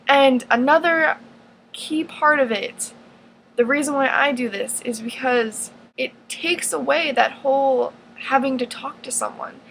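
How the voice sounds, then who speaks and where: A woman's voice: sits high, a little slow, vocal fry, a bit bright, slight background noise, low-quality recording. A teenage girl in her own advice vlog, talking earnestly and rambling, with lots of fillers and restarts. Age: teens. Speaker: vlogger.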